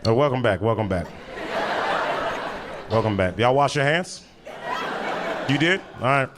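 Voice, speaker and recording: On a comedy club stage before a live audience, a young stand-up comedian delivers a laid-back, chatty set, slipping into voices for the people in his stories. His medium-pitched voice is expressive and unhurried. Audience noise, laughter, clapping and a background hum fill the recording.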